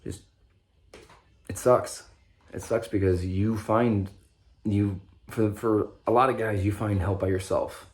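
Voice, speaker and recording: A young man with a low voice talks straight to the camera in an unscripted monologue. He rambles and swears freely, breaking off and restarting his sentences. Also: steady tone, slow, pauses often. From Nebraska. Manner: rambling, profane, stop-start with many restarts. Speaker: vlogger sharing recovery story.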